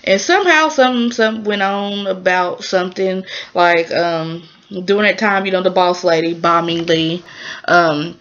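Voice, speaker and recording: A woman casually recapping a drama episode in a rambling, chatty way, full of fillers and lively exclamations. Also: on the low side, measured pace, highs cut off.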